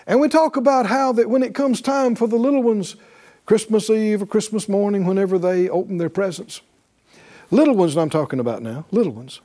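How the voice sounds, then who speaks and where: A male pastor preaching a sermon, animated and calling on the congregation to answer back, often laughing. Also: sits high, a little fast.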